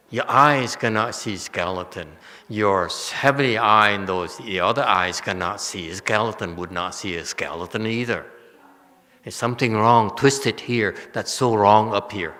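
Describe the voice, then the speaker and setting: Male Buddhist teacher, teasing and animated, bright tone, reverberant temple hall. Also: lowish voice, unhurried. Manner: animated, teasing, laughs often. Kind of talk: Dharma lecture with questions.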